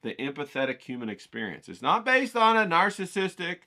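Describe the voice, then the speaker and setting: On an art livestream, a man with a slightly high, sing-song voice talks briskly, sounding pushed and bright. His rambling monologue is folksy and wanders off on tangents, peppered with "you know what I'm saying."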